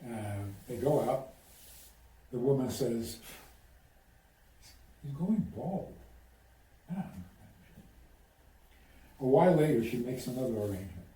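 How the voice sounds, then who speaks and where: A man's voice: medium pitch, normal speed, long pauses. A man, a rabbi, giving advice in an interview and acting out quoted dialogue as he tells stories. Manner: animated storyteller, acts out quoted dialogue. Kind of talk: conversational storytelling. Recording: roomy sound, distant from the mic.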